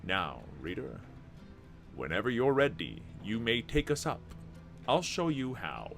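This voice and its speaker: A man hosting a gameplay video, reading the game's text aloud and commenting with excitement. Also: mid-range voice, unhurried, vocal fry, soft background music. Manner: animated, reads dialogue aloud with excitement.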